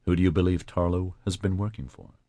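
A man's voice: low-pitched, fairly even intonation, fast, dark tone, no echo. A man reading the part of a harried male police chief with dry, terse speech.

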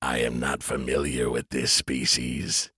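A man voicing a cold, menacing male alien AI that speaks in a slow, mechanical way for an audiobook. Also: very deep voice, level tone, pushed and bright, slightly rough, no room sound, studio quality, voice pushed down, full character voice.

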